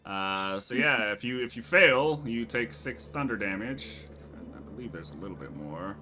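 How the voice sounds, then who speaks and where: A man's voice: fairly low pitch, lively intonation, moderate pace, bright, forceful tone, soft background music. A man running a tabletop game as game master, laid-back and casual, cursing and laughing often.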